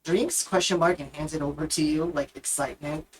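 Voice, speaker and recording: A woman's voice: low voice, steady tone, brisk, slight background noise, low-quality recording. A woman narrating a tabletop game as game master in a casual, rambling way. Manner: casual, rambling, with many fillers.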